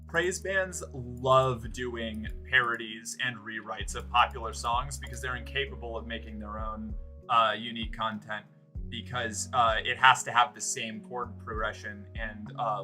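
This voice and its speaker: A man's voice: medium pitch, unhurried, pushed and bright, soft background music. A man streaming live, rambling sarcastically and swearing freely while chatting with his viewers. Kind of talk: casual livestream chat.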